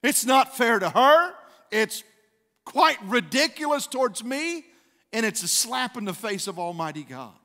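Man, pastor, lively sermon, echoing church sanctuary. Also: very high-pitched, unhurried. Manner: conversational preaching, acts out quotes with rising fervor. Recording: long church hall reverb.

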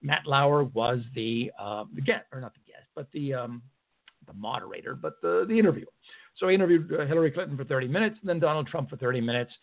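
A mid-pitched man hosts talk radio, ranting with sarcasm and indignation and trailing into filler words. His voice comes through narrow and phone-like from the studio. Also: lively intonation, quick pace, gravelly. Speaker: radio talk show host. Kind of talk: political talk radio monologue.

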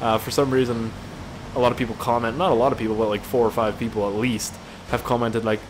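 A man's voice: medium pitch, flat delivery, fast, rough recording. A man talking over a driving game in casual commentary, with a mid-range voice. He rambles from one story to the next, jokey and heavy on swearing, with a faint hiss of noise behind him. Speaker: gaming video creator.

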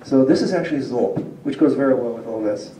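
Male lecturer, very mellow dark voice, heard from afar in an echoey hall, chatty and explanatory. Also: medium pitch, fairly quick, a little hiss or hum. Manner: explanatory, asks the audience questions, chuckles often. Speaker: university linguistics lecturer. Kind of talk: public lecture to a community audience. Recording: roomy hall picked up from a distance.

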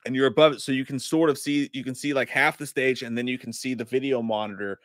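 A man's voice: medium pitch, fairly even intonation, fast talker, dry recording, studio quality. A man in his thirties or forties chatting loosely on a live stream, joking and swearing as he reads out viewer messages. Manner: profane, rambling, jokey. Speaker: podcast co-host reading live chat. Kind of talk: casual live-stream chat.

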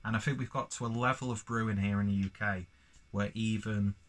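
A man's voice: fairly low pitch, steady tone, brisk, fairly bright tone, slight background noise. A man, casually reviewing a beer in a rambling, sweary vlog full of self-mocking asides.

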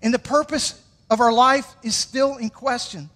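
A pastor with a high voice preaches in a church sanctuary, speaking casually and with energy as he calls on the congregation to repeat his words. His voice rings out with a long reverb from the hall. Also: unhurried. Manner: energetic, conversational preaching with audience call-outs. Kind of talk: sermon.

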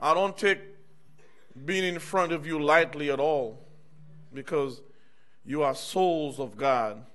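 Speaking slowly and pausing often, a middle-aged minister from the United States preaches a personal testimony sermon. His voice is a little high and a bit bright, and his conversational style is peppered with calls of "amen" and "y'all" to the congregation.

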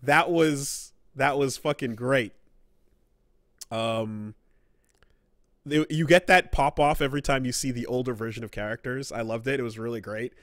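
A man's voice: medium pitch, moderate pace, dry recording, studio quality. A man co-hosting a casual gaming podcast, rambling and swearing as he acts out quoted characters. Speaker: podcast co-host.

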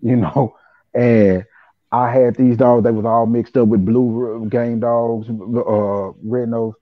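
A man telling a profane, animated story as a guest on a call-in talk show. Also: mid-range voice, takes it slowly, no echo. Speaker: podcast guest. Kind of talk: casual storytelling. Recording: tinny phone line.

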